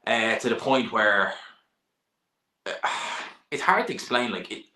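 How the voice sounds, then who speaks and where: A man's voice: medium pitch, expressive, slow pace, pushed and bright. A young man, hosting a casual live stream, reading viewer questions and chatting bluntly about boxing. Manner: chatty, blunt, sighs and laughs, swears now and then. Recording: echoey room.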